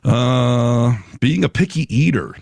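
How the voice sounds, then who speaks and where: A man's voice: mid-range voice, slow pace, gravelly, a little mellow, no room sound, clean studio sound. A man co-hosting a casual podcast, reading items from a list and joking, often laughing at himself. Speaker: podcast co-host.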